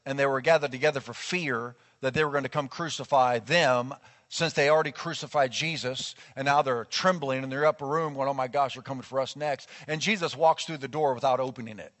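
A male pastor preaching a sermon in a lively, conversational way, acting out quotes as he goes. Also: mid-range voice, brisk. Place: church sanctuary. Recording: long church hall reverb.

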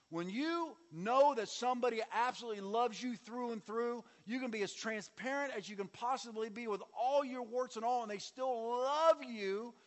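High-voiced man preaching in echoing hall. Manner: preaching with audience call-and-response and sweeping shifts in volume. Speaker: pastor. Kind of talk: sermon. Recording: long reverb of a large hall.

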